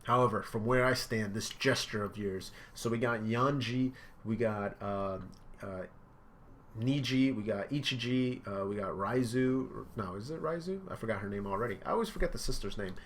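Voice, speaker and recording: A man hosting a casual reaction video, describing comic panels with excitement and shouted sound effects. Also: fairly low pitch, moderate pace, a little hiss or hum. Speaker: manga reaction video host.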